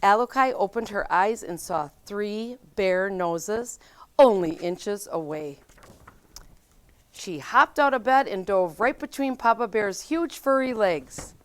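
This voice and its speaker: A woman reading a picture book aloud to children as a school mystery reader, with expressive storytelling. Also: medium pitch, takes it slowly, clean tone.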